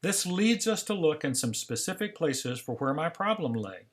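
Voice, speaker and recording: An older man lecturing in a seminar, telling a personal story calmly and acting out remembered dialogue. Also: a little high, moderate pace. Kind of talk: scripted seminar narration.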